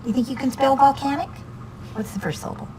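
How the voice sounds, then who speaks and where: A woman's voice: sits high, fairly even intonation, quick pace, dark tone, a little hiss or hum, low-quality recording. A woman teaching reading one-on-one to a student, patient and encouraging, asking many questions.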